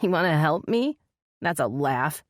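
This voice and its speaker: A woman's voice: deep voice, very animated, unhurried, no room sound, clean studio sound. A woman voicing a scared young woman in an audiobook, speaking in a shaky, tearful, guarded way. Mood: bitter.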